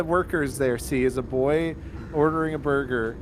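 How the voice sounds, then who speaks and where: A man's voice: medium pitch, moderate pace, noisy background. A young man, a podcast co-host, chatting casually on a live gaming stream, joking and jumping in to finish other people's lines. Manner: animated, jokey, jumps in to finish lines.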